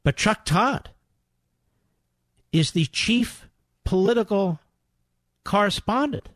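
A man hosting a talk radio show, playing clips and commenting on them in an indignant, combative manner with loud rhetorical questions. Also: high-pitched, animated, slow pace, no room sound, clean studio sound.

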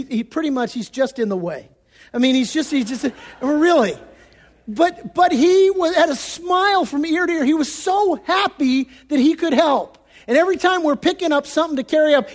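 Conversational pastor preaching in a reverberant hall. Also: male voice, very high-pitched. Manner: conversational, acts out quoted voices. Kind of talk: sermon. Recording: long reverb of a church hall.

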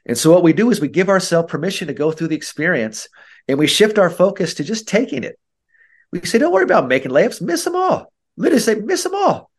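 A man who is a mental skills coach, speaking as a podcast guest and acting out kids' and coaches' voices. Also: on the high side. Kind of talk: podcast interview.

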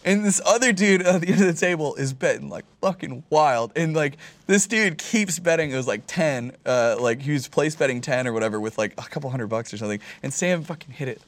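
Man, casual chat, animated storyteller, swears a lot, dry close sound. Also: on the high side, brisk, few pauses, no room sound. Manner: animated storyteller, swears freely, many fillers.

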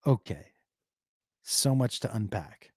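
With a lowish, husky voice, he takes his time, captured in studio quality with no echo. This comedian streamer reads chat and tells laid-back stories, swearing heavily and animatedly doing ridiculous noises.

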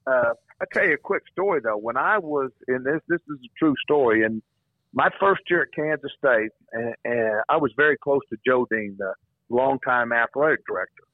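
Over a tinny phone line recorded dry, a former football coach, now an older man, tells stories in a phone-in radio interview. His mid-range voice has lively intonation at normal speed, and he rambles, repeating his words.

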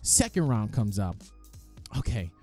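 With faint music in the background, a man at a moderate pace and in a mid-range voice relates his amateur boxing match. He is lively and casual, curses freely, and does the voices of the people he quotes.

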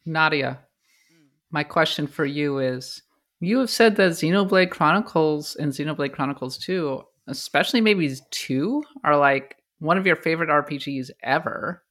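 A co-host on a casual game podcast, with a mid-range voice. They talk in a measured way, weighing their opinions aloud and qualifying what they say. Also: mid-range voice, fairly bright tone.

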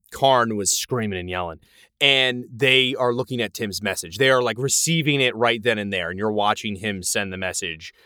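A man's voice: fairly low pitch, sharp tone, clear, resonant tone, no room sound, studio quality. A man co-hosting a podcast, recapping an episode in casual chat, swearing now and then and acting out characters' lines. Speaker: podcast co-host.

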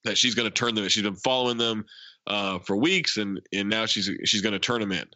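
A man's voice: on the low side, brisk, no echo, dull audio. A man in casual chat retelling a comedy film scene by scene, acting out the lines and laughing a lot. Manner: animated, laughs often, acts out quotes. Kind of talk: casual movie recap chat.

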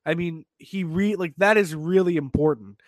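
A man hosting a sports podcast, talking in an animated, excitable way with lots of restarts. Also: fairly high pitch, normal speed, no echo. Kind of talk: casual sports talk.

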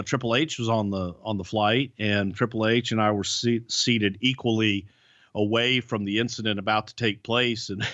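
A man's voice: fairly low pitch, fairly bright tone, dry recording. Profane, rambling man spinning road stories. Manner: profane, rambling anecdotes with restarts. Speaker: podcast co-host, former wrestling writer. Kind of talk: casual storytelling. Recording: dull, lo-fi podcast audio.

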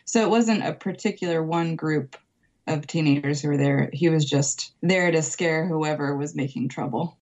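Animated woman guest on lo-fi audio. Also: sits low, normal speed. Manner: animated, laughs often, acts out voices. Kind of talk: casual storytelling interview. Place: her home.

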